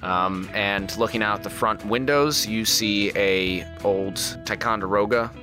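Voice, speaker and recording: A man's voice: fairly low pitch, a little slow, over music. A man narrating as game master of a tabletop game, rambling with fillers.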